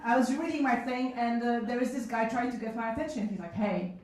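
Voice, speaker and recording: A woman's voice: on the high side, fast talker, darkish tone, slight background noise. Woman in her 30s, live comic storytelling, candid and chatty, distant mic in a roomy cafe. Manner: self-mocking, frank, chatty with asides. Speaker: solo show performer telling stories. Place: small cafe event room. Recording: echoey room from a distance.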